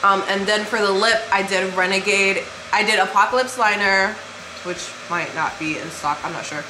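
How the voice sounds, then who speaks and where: A woman's voice: medium pitch, normal speed, background noise. Chatty woman vlogging in an echoey room. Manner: chatty and loose, swears casually, drifts into asides. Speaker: beauty vlogger and makeup brand owner. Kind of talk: casual chat vlog. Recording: echoey room with music playing.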